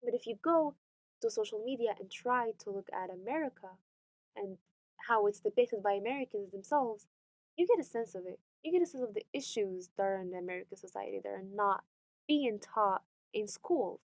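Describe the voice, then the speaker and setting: A young Moroccan woman speaks candidly in an interview, animated and sardonic, laughing often. Her voice sits at a medium pitch and moves at a normal speed.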